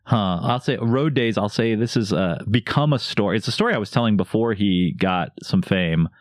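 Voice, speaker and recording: A man's voice: on the low side, normal speed, dry recording, clean studio sound. A man, a stand-up comedian, telling stories on a casual podcast and acting out the people in them. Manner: animated storyteller who acts out quoted voices.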